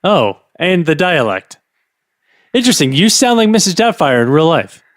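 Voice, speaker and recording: A man co-hosts a comedy podcast, fielding strange calls with bewildered questions. His voice sits a bit high and swings widely in pitch. The sound is close and dry. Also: very animated, no echo. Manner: bewildered, questioning, quick asides. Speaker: podcast co-host.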